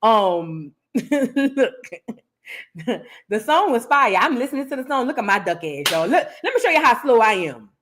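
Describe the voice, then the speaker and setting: A high-voiced woman hosting a live stream, her pitch swooping all over as she chats. She tells stories in a loose, animated way, acting out what people said and calling her viewers "girl.". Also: measured pace. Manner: animated storytelling, calls viewers "girl", acts out quotes. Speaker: host of a live reaction channel. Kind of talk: casual livestream chat.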